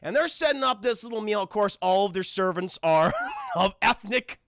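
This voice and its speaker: Casual: guy ranting a movie recap at his chat, gravelly voice, bright tone, dry close mic. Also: high-pitched, normal speed, dry recording. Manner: animated, profane, addresses chat constantly. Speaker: film reviewer streaming to chat. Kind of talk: casual spoiler review talk.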